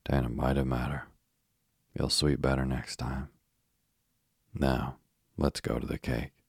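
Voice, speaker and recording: A man voicing a deaf, kindly, fussy old village grandmother in an audiobook, with folksy rustic speech and loud exclamations. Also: very deep voice, little pitch movement, unhurried, creaky, breathy edge, no room sound, clean studio sound, heavily acted. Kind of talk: audiobook character reading.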